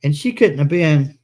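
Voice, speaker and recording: A man's voice: fairly high pitch, mellow, breathy edge. A man telling long rambling anecdotes in a casual live chat, quoting himself as he goes. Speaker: co-host.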